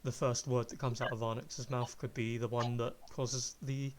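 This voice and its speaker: A man running a tabletop game as game master, describing the scene at an unhurried pace. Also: mid-range voice, flat delivery, a little hiss or hum.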